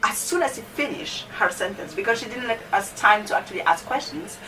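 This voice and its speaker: Bright, forceful, and sing-song, this young woman's voice sits on the high side and moves fairly quickly. She's a student vlogger telling a chatty story about her teachers, full of "you know"s. A distant mic catches faint background noise.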